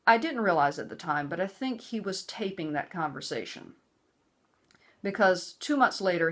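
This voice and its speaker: A middle-aged woman vlogging a personal story straight to camera. Her voice sits slightly low, and she talks in an earnest, emphatic way, driving her advice home as if lecturing. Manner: acts out quoted voices, hushed and soothing or raised and angry.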